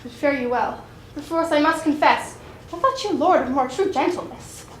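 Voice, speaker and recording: A woman's voice: high-pitched, moderate pace, a little hiss or hum, lightly acted. A woman playing a lovesick, scorned young woman, pleading in plaintive verse on stage. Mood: hurt. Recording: echoey stage recording.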